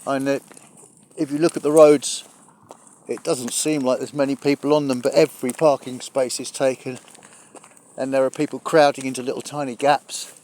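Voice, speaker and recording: A middle-aged travel vlogger walks up a hillside near water, rambling and chatting with dry humour and the odd mild swear. He's somewhat out of breath from the climb, and his voice is fairly high and a little mellow.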